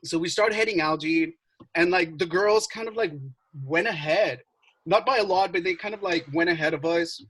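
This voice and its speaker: A young man telling a story in casual chat, animated, swearing and full of filler words. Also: high voice, normal speed, low-quality recording. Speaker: podcast co-host.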